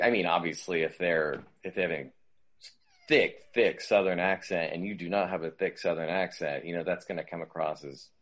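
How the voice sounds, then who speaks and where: A deep-voiced man appears as a guest voice coach, offering conversational advice in a loose, rambling style full of fillers and restarts.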